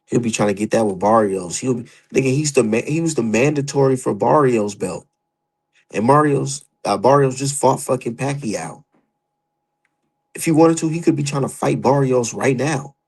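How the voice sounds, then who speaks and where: A young man rants in heated, profane, animated commentary as a boxing streamer. His voice is gravelly with a husky edge and sits at an ordinary pitch. He talks casually and gets worked up as he goes. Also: normal speed, low-quality recording.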